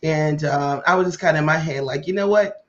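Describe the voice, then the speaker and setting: A woman hosting a podcast tells a personal story in a relaxed, chatty way. She slips into the voices of the people she quotes and acts out their lines with energy. The recording sounds muffled and lo-fi. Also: low voice, fairly quick, a little hiss or hum. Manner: animated, acts out quoted dialogue. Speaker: podcast host. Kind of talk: casual storytelling chat. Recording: muffled lo-fi audio.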